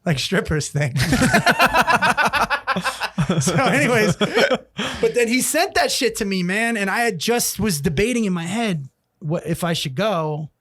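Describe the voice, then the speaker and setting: A man's voice: high-pitched, measured pace. A man from North Jersey, a stand-up comedian telling profane, laugh-filled stories as a podcast guest. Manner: profane, animated storyteller who laughs a lot. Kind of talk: casual storytelling chat.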